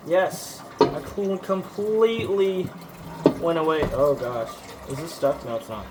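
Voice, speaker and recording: A man's voice: fairly high pitch, measured pace, very noisy. A young man with a Texan accent, rambling in a jokey, scattered way while doing chores at home. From Texas. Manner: scattered, self-interrupting, jokey. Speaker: vlogger. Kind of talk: rambling casual vlog chat.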